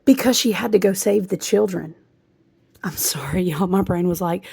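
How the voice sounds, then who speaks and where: A woman's voice: mid-range voice, a little slow, gravelly, a little mellow, breathy edge. A woman giving a rambling, intuitive spiritual astrology reading, breaking into asides and laughs. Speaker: astrology reader.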